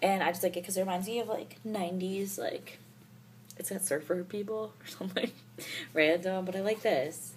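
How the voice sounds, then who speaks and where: A woman's voice: medium pitch, fairly even intonation, moderate pace, slight background noise. A young woman talking casually to her camera in a daily vlog, chatty and goofy, filling her talk with "like". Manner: chatty and goofy, full of "like" fillers, jokes around. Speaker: vlogger.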